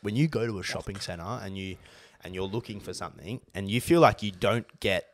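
A man with an Australian accent, co-hosting a podcast, bantering and swearing in casual chat. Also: on the low side. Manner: fast, sweary, animated banter. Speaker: podcast co-host.

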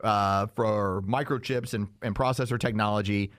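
A man's voice: on the low side, fairly even intonation, moderate pace, fairly bright tone, dry recording, studio quality. A man hosting a podcast, explaining things in a rambling, casual way. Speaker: podcast host. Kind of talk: casual chat.

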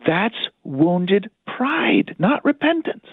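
A man's voice: mid-range voice, sing-song, unhurried, dry recording, narrow, tinny audio. A man, a priest and spiritual director, talking earnestly on a Catholic radio show and acting out inner thoughts to make a point. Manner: earnest preaching, voices inner thoughts, repeats for emphasis.

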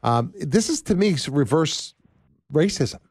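A man's voice: a little high, sing-song, unhurried, darkish tone, husky, dry recording, clean studio sound. A man hosting a political talk show, rambling and conversational with lots of fillers.

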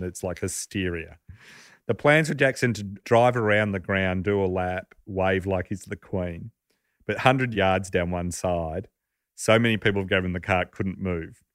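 A man's voice: low-pitched, fairly bright tone, dry recording, studio quality. A man hosting a podcast, telling a story in a casual, chuckling, conversational way.

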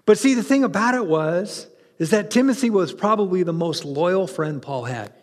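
Preacher guy, pretty high voice, chatty sermon, echoey church hall. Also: normal speed. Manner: animated, conversational, with restarts and asides to the congregation. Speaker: pastor.

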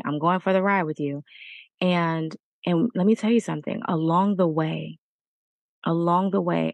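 A woman with a low, deep voice gives an earnest, encouraging talk on a faith podcast. She repeats her points again and again as she urges the listener on. The sound is dry and close, with no room echo. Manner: earnest, repetitive exhortation. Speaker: podcast host.

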